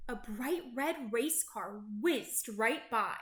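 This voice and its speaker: A woman reading a children's picture book aloud in an animated, sing-song way. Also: on the high side, takes it slowly, noisy background. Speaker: storybook reader. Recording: roomy echo.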